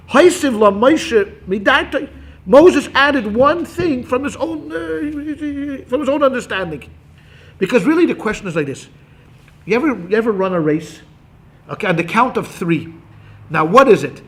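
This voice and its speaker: A man teaching a Talmud class as a rabbi, animated and acting out quotes, quick asides to his students. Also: very high-pitched.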